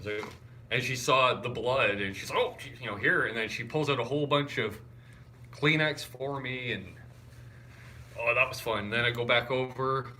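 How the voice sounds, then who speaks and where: A young man chatting casually on a live stream. He greets viewers and reads their comments out loud, and he sounds wired and tired. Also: medium pitch, moderate pace, a little hiss or hum. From Canada. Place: hotel room.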